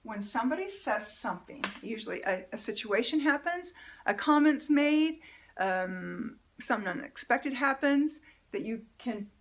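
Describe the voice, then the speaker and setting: Animated woman coaching a lesson. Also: fairly high pitch, moderate pace, a little hiss or hum. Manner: animated, acts out feelings in quoted asides. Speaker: life coach teaching a mentoring program. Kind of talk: upbeat motivational lesson to camera.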